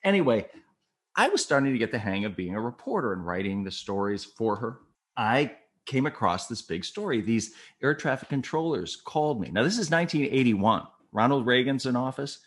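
An older man, a former TV news photographer and reporter, telling stories from his career in a casual, animated way and acting out the people in them. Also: medium pitch, a little fast. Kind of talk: casual anecdotal storytelling.

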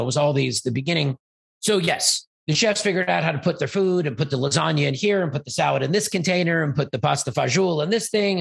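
A man, an event organizer and interview guest, telling a rambling, animated story and acting out quoted dialogue. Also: fairly high pitch, creaky, breathy edge. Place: Los Angeles.

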